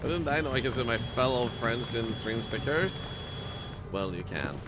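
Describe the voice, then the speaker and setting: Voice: mid-range voice, expressive, normal speed, loud music behind the voice. A game streamer giving playful, silly live commentary and joking with chat.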